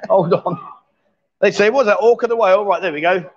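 A man's voice: high-pitched, normal speed, lo-fi sound. A man hosting a live stream from a bar, chatting and bantering casually with a jokey manner. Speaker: livestream host. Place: busy bar with a pool table.

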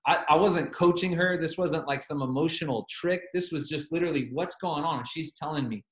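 A man's voice: fairly high pitch, a little fast, few pauses, roomy sound. A man preaching a sermon, telling a story with animation and quoting both sides of a phone call.

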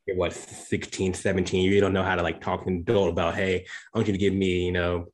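A male podcast host with a very deep voice asks his questions in a relaxed, conversational way. He often stumbles and repeats words while he thinks aloud. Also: fast. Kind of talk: casual interview chat.

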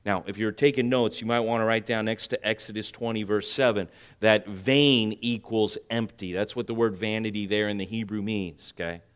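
A man preaching a sermon as pastor, building to loud emphatic peaks on key points and checking in with the congregation. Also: fairly low pitch, fairly even intonation, moderate pace, hardly any pauses, clean tone. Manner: asks the congregation "okay?" to check understanding.

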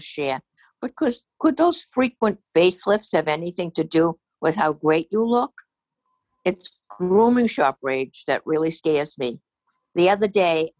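A woman's voice: deep voice, dry recording, poor audio. An older woman from Massachusetts reading her own humorous essay aloud with a wry, dry storytelling manner. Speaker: essay reader.

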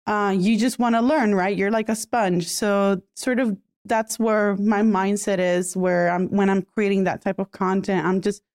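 A woman's voice: mid-range voice, fairly even intonation, a little mellow, no echo. Chatty woman guest, dry close sound. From Puerto Rico. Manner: chatty, laughs often, quick asides. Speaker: podcast guest, bilingual content creator. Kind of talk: casual interview chat.

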